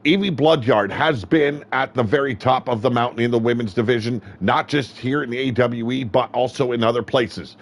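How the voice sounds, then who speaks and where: A man calling a wrestling match play-by-play, excitable and profane, often shouting. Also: mid-range voice, moderate pace, hardly any pauses. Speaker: wrestling commentator. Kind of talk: play-by-play commentary.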